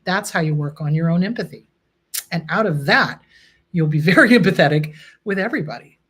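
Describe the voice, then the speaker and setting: A woman's voice: on the low side, animated, fairly quick, husky. Reassuring woman therapist talking to viewers. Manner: warm, reassuring, addresses viewers as "my loves". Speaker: therapist and show host. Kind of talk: casual solo talk to viewers.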